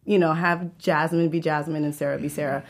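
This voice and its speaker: Chatty lower-voiced actress. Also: female voice, fairly even intonation, a little fast. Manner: chatty, laughing often. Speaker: actress and guest. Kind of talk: casual interview.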